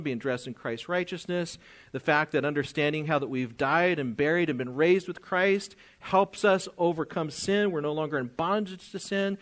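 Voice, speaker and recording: A man's voice: fairly high pitch, fairly bright tone. An older man preaching a sermon, reading scripture aloud, explaining it and asking his listeners questions.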